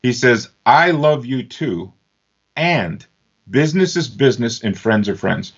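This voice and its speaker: A man from Northern Ontario, Canada, telling stories as an interview guest, animated and fond of doing lively voices for the people in them. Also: mid-range voice, measured pace, breathy edge. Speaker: interview guest, author and speaker. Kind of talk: animated storytelling. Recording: slightly dull lo-fi sound.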